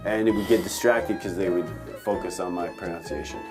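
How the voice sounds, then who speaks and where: A middle-aged man with a Canadian accent speaks in a low, easygoing voice. He is a stand-up comedian answering interview questions, rambling a little and poking fun at himself. Soft music sits faintly in the background. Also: brisk. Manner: relaxed, rambling, self-deprecating jokes. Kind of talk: casual interview.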